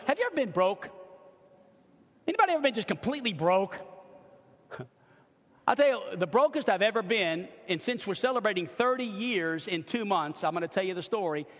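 A middle-aged male pastor preaching a sermon and telling a personal story, swinging from loud emphatic bursts to hushed narration, with humorous asides and repeated words as he builds a point. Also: high voice, lively intonation, normal speed, pauses often. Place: church sanctuary. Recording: long reverb of a church hall.

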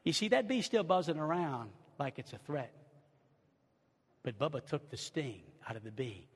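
An older male preacher voicing a gentle young mother who soothes her frightened little daughter in a soft, coaxing tone. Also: medium pitch, big pitch swings, a little slow, breathy edge, voice pushed down, full character voice. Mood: soothing. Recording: long reverb of a large church hall.

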